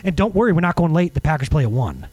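Husky, animated male pastor. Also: on the high side, fast talker, low-quality recording. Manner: animated, conversational preaching with jokes and asides. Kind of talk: sermon.

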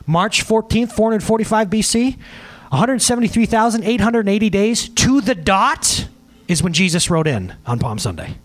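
A man preaching a sermon to his congregation, emphatic and animated, asking for slides as he goes. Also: a little high. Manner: asks for slides during the talk. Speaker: pastor.

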